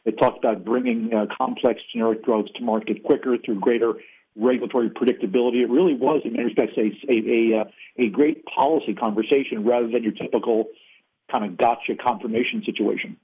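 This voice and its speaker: Fast-talking man on a phone line. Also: mid-range voice, steady tone, husky. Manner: fluent, policy-focused, frequent "you know" fillers. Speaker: interview guest, former agency official. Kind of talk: interview on a call-in line.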